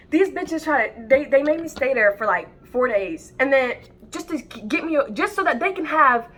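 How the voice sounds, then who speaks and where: A woman's voice: high-pitched, animated, normal speed, a bit bright. A woman who calls herself a psychic medium, ranting to camera in a heated, profane, rambling way with many restarts. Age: adult with children. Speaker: self-described psychic medium. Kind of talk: unscripted rant to camera.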